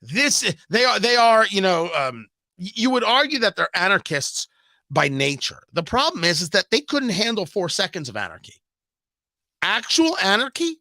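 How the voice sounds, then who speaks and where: A man holds forth on his radio talk show, hammering his points with repetition and rhetorical questions. His voice sits high and swings widely in pitch, with a sharp, bright edge. He is close to the mic in a dry studio. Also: big pitch swings, normal speed, dry recording. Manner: emphatic, sarcastic, repetitive ranting with rhetorical questions. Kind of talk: political talk radio monologue.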